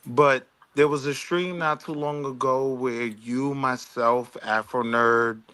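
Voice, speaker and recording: A man on a livestream panel, explaining his point in a measured way. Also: medium pitch, steady tone, pushed and bright, clear, resonant tone. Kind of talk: casual panel discussion.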